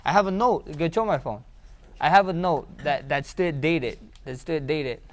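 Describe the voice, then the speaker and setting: A young man telling stories in a casual interview. He rambles and repeats himself, and he often jumps up in pitch and volume when he gets excited. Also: normal speed. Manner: rambling, repeats words, grows excited and loud. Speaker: interview guest, fighter.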